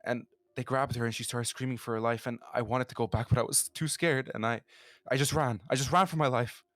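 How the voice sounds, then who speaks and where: A man's voice: medium pitch, steady tone, a little fast, fairly bright tone, dry recording, faint music behind, close to an everyday voice. A man voicing a desperate young woman who lost her sister, speaking hesitantly with many restarts. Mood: grieving.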